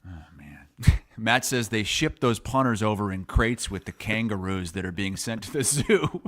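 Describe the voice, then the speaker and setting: A man's voice: lowish voice, lively intonation, moderate pace, fairly bright tone. A man co-hosting a casual sports podcast, joking, laughing often and swearing casually. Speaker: podcast co-host.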